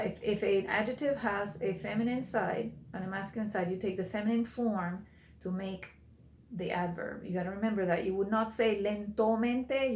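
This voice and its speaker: A woman's voice: medium pitch, darkish tone, echoey room. A woman teaching a recorded language class, patient, repeating and translating each phrase for her students. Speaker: Spanish teacher.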